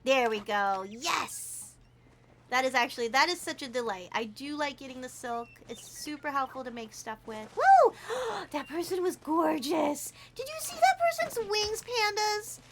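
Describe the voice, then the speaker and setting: A woman streaming a game, chatting casually with her viewers, giggling often and quick to get excited. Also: sits high, background noise. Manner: bubbly, giggly, talks to chat. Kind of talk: casual gameplay livestream chat.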